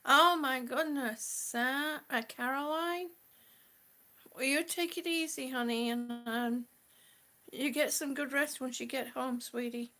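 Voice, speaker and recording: A middle-aged woman chats on a live stream, a little short of breath, with a slightly high voice. She talks slowly and fondly to her viewers and calls them sweetie and honey. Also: steady tone, fairly bright tone. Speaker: vlogger chatting with live viewers. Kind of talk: casual live-stream chat.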